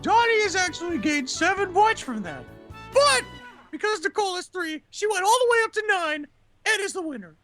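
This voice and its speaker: A woman keeping score on a podcast quiz and announcing the winner excitedly. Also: very high voice, normal speed, soft background music. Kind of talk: casual announcement.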